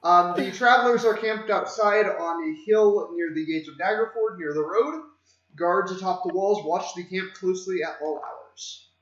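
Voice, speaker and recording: Man, game master, reading prepared narration, high voice, dull lo-fi sound. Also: moderate pace, fairly bright tone. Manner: reads prepared scene descriptions. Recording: roomy, dull lo-fi mic.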